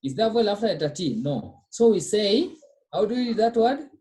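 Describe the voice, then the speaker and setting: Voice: medium pitch, very animated, fairly quick, mellow, slightly rough. A teacher giving a French pronunciation lesson, drilling students and answering their own questions with "what?".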